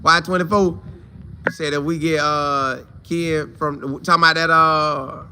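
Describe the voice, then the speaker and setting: Bright-voiced man hosting a casual fan stream. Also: on the high side, steady tone, a little slow, slight background noise. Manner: greets viewers by name, repeats phrases for emphasis. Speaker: host of a college football fan show. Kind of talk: casual live-stream chat reading viewer comments.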